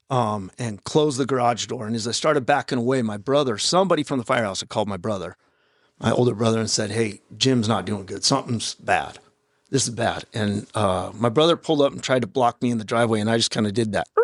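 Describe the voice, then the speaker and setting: A man in his fifties, a podcast guest, telling his own story in a raw, halting way with blunt profanity. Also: medium pitch, dry recording, studio quality. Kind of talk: candid personal storytelling in an interview. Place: podcast studio. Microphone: studio microphone.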